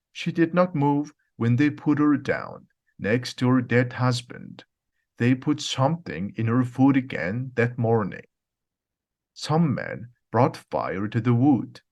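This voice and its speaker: A man narrates an easy storybook at a slow, deliberate pace. His pitch moves a lot, rising and falling to carry the story. Every word is spoken clearly for language learners. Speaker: audiobook reader. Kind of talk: graded reader narration.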